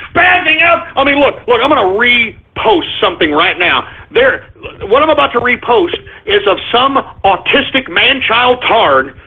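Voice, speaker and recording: A man hosting a talk radio show, ranting angrily with shouting and profanity. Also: very high-pitched. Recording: tinny phone-like lo-fi.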